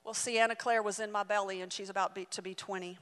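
A woman in her forties preaching a sermon and telling a story, swinging dramatically between loud and hushed delivery. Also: mid-range voice, steady tone, fast. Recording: reverberant hall.

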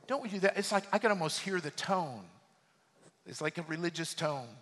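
A man preaching a sermon, animated and emphatic, reading scripture and building to loud exhortation. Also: fairly high pitch, moderate pace, long reverb tail. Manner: animated preaching, rising to near-shouts. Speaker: pastor.

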